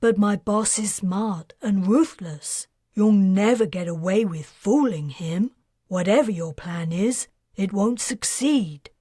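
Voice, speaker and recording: A man's voice: high voice, slow, breathy edge, no echo, studio quality, exaggerated voice. A woman voicing an anxious young man, an indebted weapons expert, in an audiobook, earnest and worried. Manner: earnest, worried, bursts into excitement.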